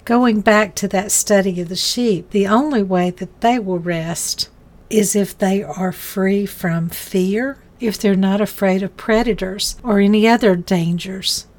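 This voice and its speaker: Woman, devotional Bible teaching, earnest, folksy asides, mid-range pitch. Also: measured pace, a little mellow.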